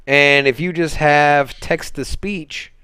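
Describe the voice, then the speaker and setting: Casual male stream host, rambling delivery, smooth and dry close sound. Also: a little high, steady tone, slow pace, pushed and bright, no echo. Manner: rambling, laid-back, many fillers and restarts. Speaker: crypto livestream host. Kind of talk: casual livestream chat. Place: home, on a Sunday livestream.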